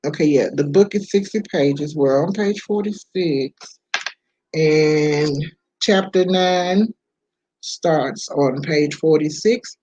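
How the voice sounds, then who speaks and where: A woman reading a self-help book aloud, unhurried, with casual asides between passages. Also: sits low, darkish tone, rough recording. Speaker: book reader.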